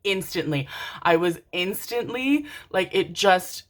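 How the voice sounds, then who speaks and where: A woman's voice: lowish voice, lively intonation, slow pace. A young adult woman doing a casual tarot card reading to camera, affectionate and gushing, calling listeners her darlings and piling up repeated words.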